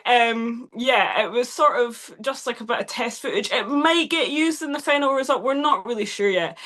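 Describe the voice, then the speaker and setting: Woman, actress guest, casual chat, bright tone, laughs a lot, lots of ums. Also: a little high, moderate pace. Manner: chatty, laughs often, many fillers.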